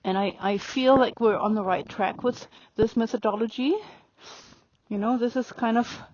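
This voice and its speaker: A woman riding a horse and calmly explaining her training as she goes, pausing to speak softly to the horse. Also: a little high. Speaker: riding instructor. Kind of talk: narrating while riding. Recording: dry, dull lo-fi sound.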